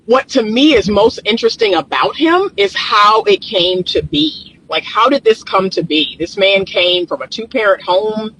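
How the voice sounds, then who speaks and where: Poor audio with slight background noise captures a relationship therapist whose groggy morning voice sits high and fairly bright. He records casual vlog commentary on his phone, held or propped nearby, outdoors in the sun, speaking emphatically to viewers and going over points again.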